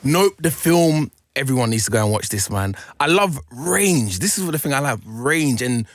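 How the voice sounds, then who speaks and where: A man's voice: medium pitch, lively intonation, normal speed, no echo. A man hosting a radio interview, chatty and upbeat as he asks questions. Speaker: radio host. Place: radio studio.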